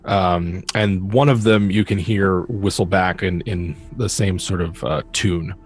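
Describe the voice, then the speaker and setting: A man narrating as game master, describing scenes with many pauses and fillers. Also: low-pitched, fairly even intonation, faint music behind.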